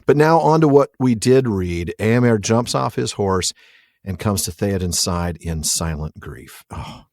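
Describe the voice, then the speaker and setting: Joking guy co-host, low voice, dry mic, laughs a lot. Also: expressive, measured pace, a little mellow, no echo. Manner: jokey, laughs easily. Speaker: podcast co-host. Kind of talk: casual chat.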